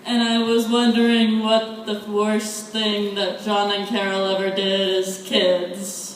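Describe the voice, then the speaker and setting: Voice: mid-range voice, monotone, takes it slowly, a little hiss or hum. An audience member hesitantly asking a panel a question at a convention. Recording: echoey hall, far mic, faint crowd.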